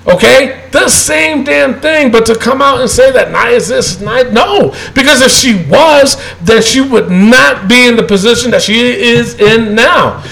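A man's voice: very high-pitched, unhurried, vocal fry, few pauses, fairly bright tone, rough recording. A man on a podcast, ranting in heated casual chat with lots of profanity and emphatic repetition. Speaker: co-host.

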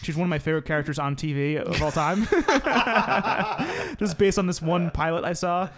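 Male podcast co-host, slightly high voice, expressive, playful. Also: normal speed, a crowd in the background. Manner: animated, dramatic reactions, teasing. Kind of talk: casual podcast chat.

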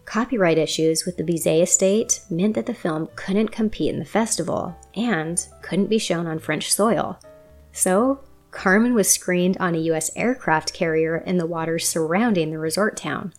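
Low-voiced woman narrating a documentary. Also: soft background music. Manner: measured storytelling, quoting sources.

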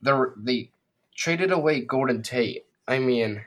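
A man's voice: mid-range voice, slow, a bit bright. A man co-hosting a casual football preview, loose and easily surprised, laughing often. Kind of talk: casual sports chat.

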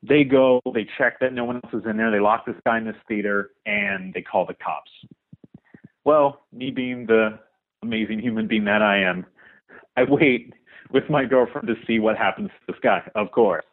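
A young man leaving a voicemail for a podcast, telling a story in an animated way. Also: fairly low pitch, moderate pace. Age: young adult. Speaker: caller. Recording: tinny phone line.

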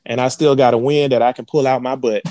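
A man's voice: mid-range voice, steady tone, quick pace, mellow, no room sound, studio quality. A man co-hosting a casual sports podcast, talking in a loose, opinionated way full of joking trash talk. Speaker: podcast co-host.

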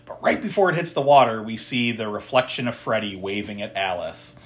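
A podcast co-host in loose, casual chat who walks through a film scene by scene. The voice sits in an ordinary middle pitch, broken up by frequent laughs, blunt swearing and dry, sarcastic asides. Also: lively intonation, brisk.

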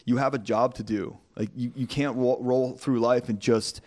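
A man's voice: mid-range voice, steady tone, normal speed, darkish tone. A man, a podcast guest who is new to church, speaking candidly and bluntly in casual conversation, arguing his points with everyday analogies. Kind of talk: casual interview chat.

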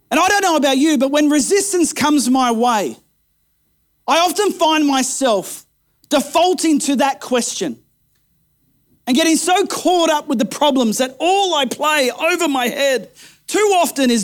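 High-voiced male pastor preaching intensely. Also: animated, measured pace. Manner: dramatic, swings between quiet intensity and rising emphasis. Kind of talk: sermon.

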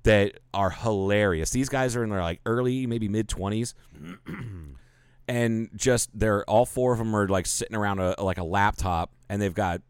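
A man with a low voice chats casually, telling stories in a lively, profane way. The sound is dry and close. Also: measured pace, smooth, no room sound. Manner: profane, animated storyteller. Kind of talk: casual chat.

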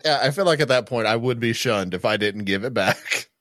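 A man's voice: mid-range voice, fairly quick, fairly bright tone. A man co-hosting a casual podcast, joking, laughing often and swearing casually. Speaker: podcast co-host.

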